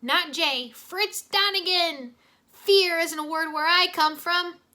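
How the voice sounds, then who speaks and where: A woman's voice: very high voice, takes it slowly, sharp tone, voice pushed up, exaggerated voice. A woman doing a jokey boastful young ninja guy. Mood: heroic bravado. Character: wisecracking young male ninja hamming it up.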